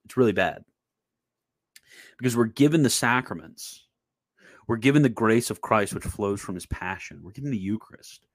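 A man's voice: lowish voice, animated, normal speed, long pauses, no echo. A man teaching from a theology text in informal spoken commentary, earnest and exhorting, with many fillers and restarts. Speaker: host and teacher.

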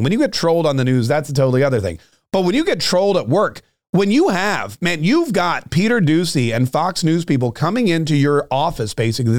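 A man's voice: fairly high pitch, dry recording. Ranting man, dry close mic. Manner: animated, sarcastic, ranting with mock voices. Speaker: podcast host. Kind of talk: political commentary monologue.

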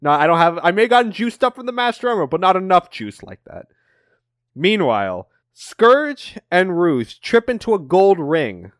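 Lively, high-voiced man recapping comics. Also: normal speed, no room sound, clean studio sound. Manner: animated storytelling with frequent swearing. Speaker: podcast co-host. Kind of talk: casual comic recap chat.

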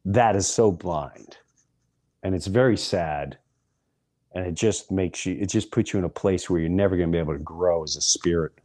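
A middle-aged man hosting a podcast, delivering an impassioned monologue and hammering single words with long pauses between them. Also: low-pitched, a little mellow. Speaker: podcast host.

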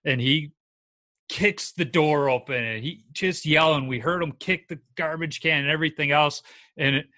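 Bright-voiced man hosting a casual chat. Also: a little high, normal speed. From Minnesota. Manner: easygoing, asks questions, shares stories. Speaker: podcast host interviewing a guest.

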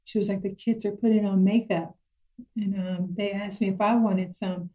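A middle-aged woman chatting casually about parenting, telling stories lively and acting out her kids' voices. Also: medium pitch, normal speed, low-quality recording. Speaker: guest parent.

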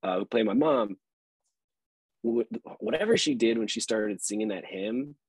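Husky-voiced man telling a rambling story. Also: medium pitch, big pitch swings, unhurried, no room sound, low-quality recording. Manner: loose, rambling storytelling with laughs and fillers. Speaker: actor, podcast guest. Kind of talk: casual interview chat.

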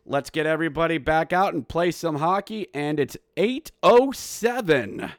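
A man hosting a hockey podcast, recapping a game with animated play-by-play and bursts of yelling. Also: a little high, measured pace, no room sound, studio quality. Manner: animated, yells play-by-play with goal calls. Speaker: podcast host.

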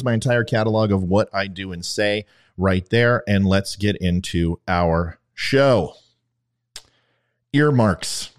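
A man hosting his own political talk podcast, speaking to listeners in a combative, conversational way. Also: medium pitch. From Louisiana. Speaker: podcast host. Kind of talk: opinionated political talk show.

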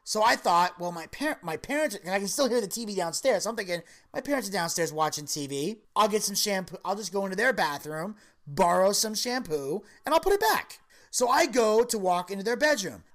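A woman in her thirties holds forth as the host of a casual podcast chat. She tells stories with swearing and keeps jumping into high, loud outbursts before settling back into ordinary talk. Her pitch sits in a middle range for a woman. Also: animated, a little fast. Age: 30s.

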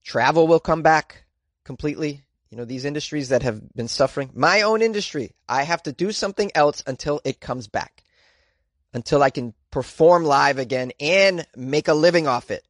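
A man's voice: a little high, normal speed, dry recording, studio quality. Wry man hosting a comedy news podcast. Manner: wry, sarcastic asides.

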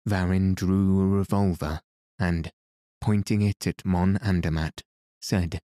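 Deep, slow male audiobook narrator. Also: steady tone, warm tone, no echo, studio quality.

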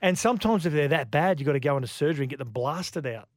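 A man's voice: on the high side, animated, fast, no echo, studio quality. A man with an Australian accent co-hosting a sports radio show, telling stories in casual banter and laughing easily.

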